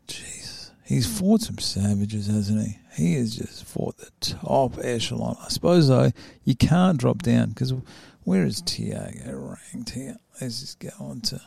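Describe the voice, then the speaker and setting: A man's voice: mid-range voice, big pitch swings, measured pace, gravelly, warm tone, breathy edge, no echo, clean studio sound. A man casually rambling through fight predictions, stumbling over names and mocking himself. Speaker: MMA fight predictions host.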